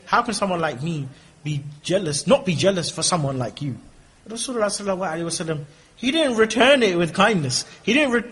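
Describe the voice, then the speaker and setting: Husky-voiced man preaching with humor. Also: fairly high pitch, fairly bright tone. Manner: humorous, conversational, mock voices for husbands. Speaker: Islamic preacher. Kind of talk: lively mosque lecture.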